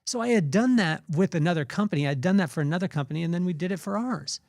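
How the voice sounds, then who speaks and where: A man in his forties with a somewhat higher voice talks with heartfelt, halting reflection and often pauses on fillers. He sounds tearful. The recording is close and dry. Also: vocal fry, darkish tone, dry recording. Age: 40s. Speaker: podcast host. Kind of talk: personal reflective monologue.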